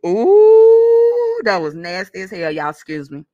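A woman's voice: sits low, fairly even intonation, fairly quick, fairly bright tone, dry recording, muffled recording. A woman hosting her own radio podcast, rambling and cursing in casual chat. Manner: rambling, profane, chatty. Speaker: radio show host.

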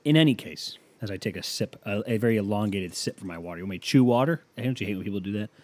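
Dude ranting and swearing on his podcast, dark mellow voice, dry close sound. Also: fairly low pitch, lively intonation, racing, no echo. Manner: profane, ranting, sarcastic. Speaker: podcast host. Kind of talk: comedic monologue.

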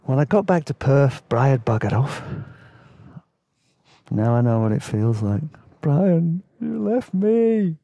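A man's voice: mid-range voice, measured pace, long pauses, mellow, no echo. A man telling rambling travel stories in a laid-back, casual way, laughing now and then. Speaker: podcast host and storyteller. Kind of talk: casual spoken travel memoir.

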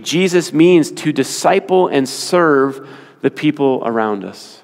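Guy preaching in church, kinda high voice, big echoey hall, repeats stuff slow to drive it home. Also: expressive, gravelly. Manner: emphatic, repeats phrases slowly for weight. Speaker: pastor. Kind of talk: sermon. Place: church sanctuary. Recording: long hall reverb.

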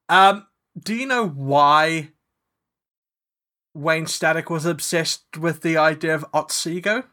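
A man co-hosting a podcast, chatting casually, swearing and laughing as he tells stories. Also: a little high. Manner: swearing, laughs a lot, animated storyteller. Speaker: podcast co-host. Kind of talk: casual chat.

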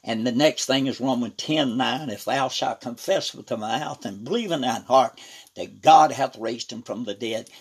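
A man preaching a sermon, reading scripture and breaking in with "praise God" and "hallelujah" as his voice swings between loud and soft. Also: medium pitch, slightly rough. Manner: reads scripture aloud with preaching emphasis.

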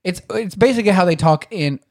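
A man's voice: sits high, fast talker, gravelly, a little mellow, no echo, studio quality. A man co-hosting a casual podcast, teasing his friends and swearing freely. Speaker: podcast co-host. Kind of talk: casual chat. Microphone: studio mic.

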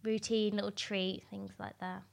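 A woman's voice: medium pitch, flat delivery, moderate pace, gravelly. A woman nail technician as a podcast guest, talking casually with lots of fillers. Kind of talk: casual interview chat.

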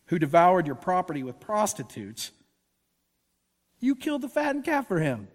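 A man preaching as a guest speaker, animated and emphatic, with casual asides. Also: on the high side, normal speed, pauses often, in a large hall. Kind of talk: sermon. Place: church auditorium.

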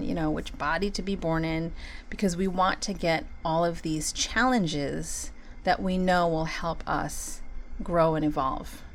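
A woman's voice: fairly low pitch, a bit bright, slight background noise. A woman hosting a solo talk, speaking earnestly and conversationally about compassion and spiritual growth, often saying "you know" and breaking into laughter. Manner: many "you know" fillers.

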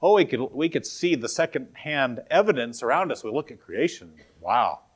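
A man's voice: medium pitch, lively intonation, moderate pace, slightly rough. A man as pastor, preaching an earnest, emphatic sermon and quoting scripture.

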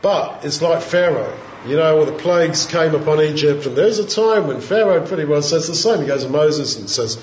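A man's voice: fairly high pitch, animated, a little hiss or hum. Man teaching scripture in an echoey room. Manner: reflective, conversational, with fillers and pauses. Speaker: Bible teacher. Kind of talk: informal Bible teaching. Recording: roomy, dull lo-fi sound.

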